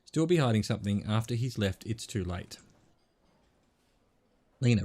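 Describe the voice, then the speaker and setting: A man's voice: lowish voice, lively intonation, a little slow, pauses often, a little mellow. A middle-aged man from Australia reading a narrative game aloud as a streamer, voicing its characters' lines and narration in his own voice with casual asides.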